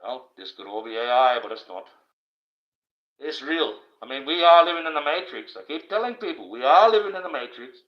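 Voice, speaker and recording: A man, hosting a livestream from indoors and preaching in a rambling, blunt and profane monologue. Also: medium pitch. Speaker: livestream host. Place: indoors, wearing a mask. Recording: dull, lo-fi livestream audio.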